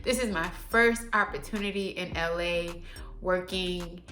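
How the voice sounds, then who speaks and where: A young adult woman telling a story to her viewers in a casual, animated, slangy way. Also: fairly low pitch, unhurried, faint music behind. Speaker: vlogger.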